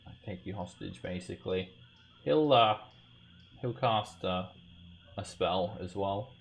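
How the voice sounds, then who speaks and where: Deep-voiced man running a tabletop game. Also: creaky. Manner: halting, many fillers and restarts. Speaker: game master. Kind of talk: narrating an online tabletop game.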